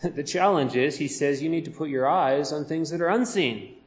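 A man preaching a sermon, slowing down and stressing the words when he quotes scripture. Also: a little high. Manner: emphatic, slows down to stress scripture.

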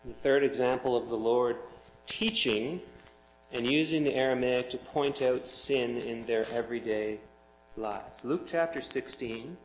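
A man's voice: medium pitch, measured pace, roomy sound, slight background noise, poor audio. A man preaching a sermon as pastor, earnest and emphatic, explaining scripture to his congregation.

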